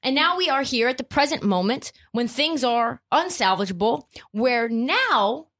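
A woman's voice: on the high side, lively intonation, a little slow, a bit bright. Blunt, profane woman hosting a podcast. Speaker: podcast host. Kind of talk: opinionated sports podcast rant.

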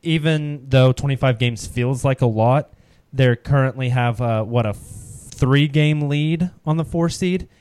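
A man with a middle-pitched voice chats about his team in a brash, joking way. His voice is recorded dry, with no room sound at all. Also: a little slow, darkish tone, clear, resonant tone, dry recording. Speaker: podcast co-host. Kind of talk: casual sports chat.

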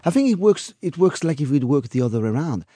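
A man's voice: on the high side, very animated, quick pace, warm tone, slightly rough, no room sound. A man from France with a French accent, talking as a studio guest in a hesitant way with repeated words. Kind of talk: casual chat.

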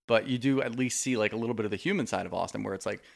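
A man's voice: lowish voice, racing, gravelly. A man co-hosting a podcast, recapping a reality show in casual, rambling chat full of "like.". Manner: rambling, hedging with "like". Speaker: podcast co-host.

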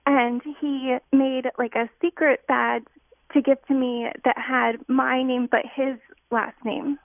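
A woman's voice: high voice, little pitch movement, slow pace, dry recording. A young woman calling in to a radio show, chatty and a little hesitant with ums, heard over a phone line. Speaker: caller. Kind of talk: phone-in storytelling.

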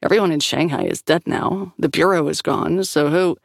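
A woman's voice: low voice, normal speed, gravelly, no echo, clean studio sound. A woman doing a blunt, scornful woman agent. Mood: curt. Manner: blunt, curt.

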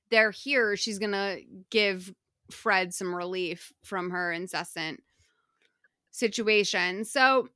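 A woman podcast host casually recapping a film, retelling scenes in an animated way and acting out the characters' lines, with lots of "like" fillers. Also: on the high side, clear, resonant tone, no room sound, studio quality.

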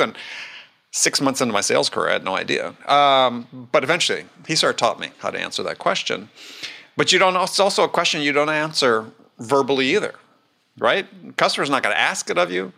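Gravelly, bright-voiced man explaining sales. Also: medium pitch. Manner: emphatic, repeats key phrases. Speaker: sales expert guest. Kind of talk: casual conversational interview.

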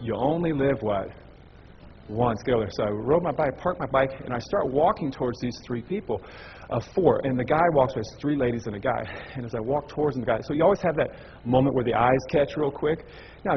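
Fast-talking animated man preaching. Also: mid-range voice, muffled recording, slight background noise. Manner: animated, acts out dialogue. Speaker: evangelist speaker. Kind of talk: storytelling sermon to a church audience.

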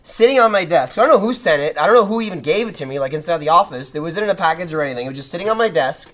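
A man hosting a podcast in casual chat, loud, joking and profane, bursting into shouted bits. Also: on the high side, animated, rapid-fire. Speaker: podcast host.

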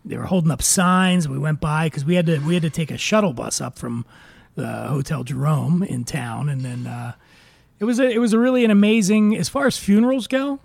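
A man telling a rowdy anecdote in casual chat, gravelly and cursing freely, acting out the quotes. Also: on the high side, fairly quick, no echo. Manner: animated anecdote teller, acts out quotes. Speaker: podcast host.

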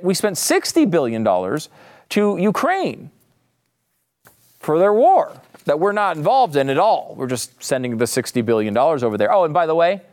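Animated sarcastic male political talk host. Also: medium pitch. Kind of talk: opinionated political commentary.

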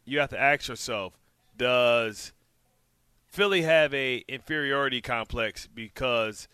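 A man's voice: medium pitch, measured pace, pushed and bright, clear, resonant tone, no room sound. A man co-hosting a sports radio show, chatting casually and joking, with frequent stammered restarts.

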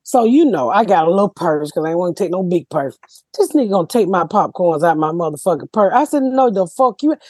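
Casting: loud-mouthed woman host, husky, dry studio sound, brash profane storytelling. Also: fairly low pitch, lively intonation, quick pace, no echo. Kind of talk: casual podcast chat.

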